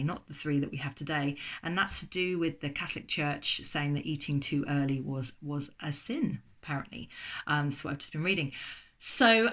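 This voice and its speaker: A woman's voice: low voice, a bit bright. A middle-aged English woman with an English accent, chatting casually and enthusiastically as a food vlogger, with plenty of ums along the way. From England. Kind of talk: casual chat.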